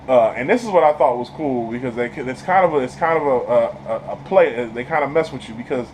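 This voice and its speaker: On a rough recording with a little background noise, a man with a mid-range voice talks a bit fast as he spoils a TV episode in a casual review. He recounts scenes energetically, slips into character voices, laughs often, and keeps his language slangy and relaxed.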